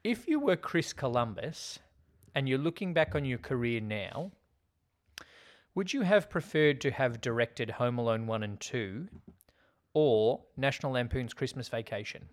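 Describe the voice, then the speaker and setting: A man's voice: mid-range voice, expressive, a little slow. A man co-hosting a casual film podcast, chatty and jokey, acting out lines from scenes. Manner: chatty, jokey, acts out quotes. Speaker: podcast co-host.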